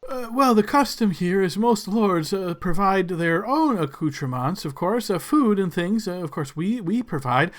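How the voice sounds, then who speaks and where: A man's voice: high voice, animated, moderate pace, few pauses. A man voicing a nervous, overly polite male servant in a tabletop game, stammering and apologizing. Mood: flustered.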